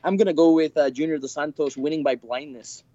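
Mock-Scottish bouncer, rambling, self-amused; a man does the voice; higher pitch, dry lo-fi sound. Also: brisk, dark tone, no echo, natural voice. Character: male nightclub bouncer putting on a rough Scottish-English accent. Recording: dry, muffled lo-fi audio.

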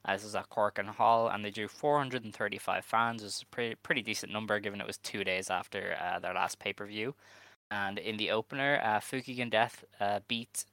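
A fairly low-voiced man with a Dublin accent, talking in loose, jokey podcast chat. His tone is bright and forward, and his voice comes through smooth and clean. He laughs often between points. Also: steady tone, a little fast, no echo. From Ireland. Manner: chatty, laughs easily, loose and joking. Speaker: podcast co-host. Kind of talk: casual chat.

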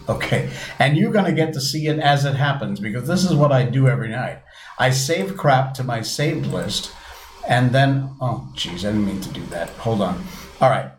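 A man hosting a casual live stream, chatting in a rambling, self-deprecating way, with a little reverb added to his voice. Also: mid-range voice. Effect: light added reverb. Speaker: livestream host. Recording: echoey room, faint hum.

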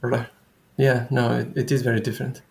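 Thoughtful man with a gravelly voice. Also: mid-range voice, little pitch movement, roomy sound. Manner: thoughtful, halting, many restarts. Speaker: guest researcher. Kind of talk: casual conversation.

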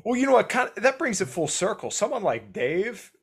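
A man chatting on a podcast, animated and swearing casually, often acting out quoted voices. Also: sits high, fairly quick, husky. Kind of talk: casual chat.

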